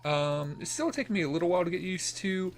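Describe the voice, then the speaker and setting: A gaming channel host runs a let's play of a role-playing game, commenting casually as he goes. He talks fast in a high voice, rambling with fillers and restarts.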